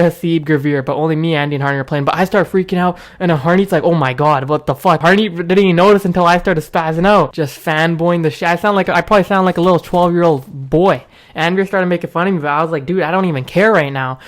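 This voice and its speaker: A young man hosting a gaming video, telling a rambling story with bursts of excitement. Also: on the high side. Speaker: gaming channel host.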